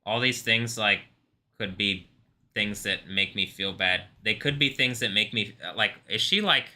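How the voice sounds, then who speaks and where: A man's voice: on the low side, moderate pace, bright, forceful tone. A man hosting a live stream, chatting casually in a rambling way, laughing often and swearing freely. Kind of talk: casual reaction stream commentary.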